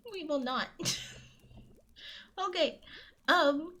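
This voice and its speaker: A woman's voice: high-pitched, extremely slow, a bit bright. A woman streaming live, chatting casually with her viewers, nervous and pleading, laughing often and repeating herself. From US Midwest. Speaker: streamer reading folktales.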